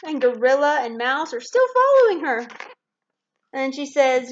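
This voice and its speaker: A woman reading a picture book aloud to a child, animated and pointing things out with little gasps. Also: sits high, measured pace, dull audio. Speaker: storybook reader.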